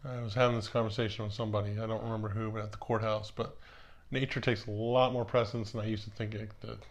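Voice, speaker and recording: Quick talking guy, thinking out loud in a casual chat. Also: fairly low pitch, level tone. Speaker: guest, lawyer and father.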